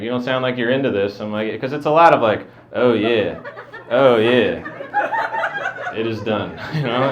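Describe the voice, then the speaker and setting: A man doing a stand-up set, mumbling in a flat deadpan. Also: fairly low pitch, reverberant. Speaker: stand-up comedian. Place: comedy venue with a live audience. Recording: dull lo-fi live recording with crowd.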